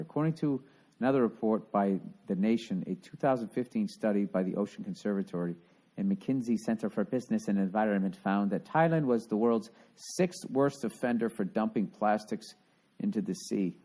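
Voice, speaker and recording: A man's voice: fairly low pitch, darkish tone. Profane, sarcastic male podcast host. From Boston. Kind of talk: casual solo podcast rant.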